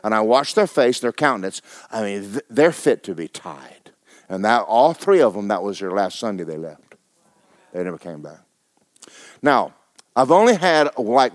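A man, a pastor preaching and telling a story with animated bursts of loud shouting. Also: lowish voice, no echo. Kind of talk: sermon.

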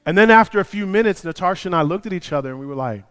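A male pastor preaching a sermon, moving from quiet personal storytelling to loud, impassioned preaching. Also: high-pitched, expressive, very fast, clear, resonant tone.

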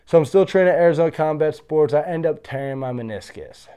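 A man's voice: on the high side, quick pace, clean tone. A man who fights professionally, casually telling stories from his career and acting out what other people said to him. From Pennsylvania. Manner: animated, acts out the voices of others in his story. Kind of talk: casual storytelling.

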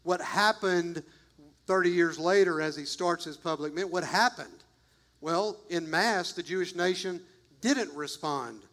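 A man's voice: high-pitched, a little slow, a bit bright. A man preaching a sermon as pastor, emphatic and repetitive, talking straight to his congregation.

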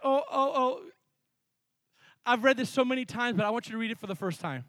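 A male pastor preaching a sermon with energy, mixing sudden loud emphasis with quick asides. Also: very high voice, no room sound.

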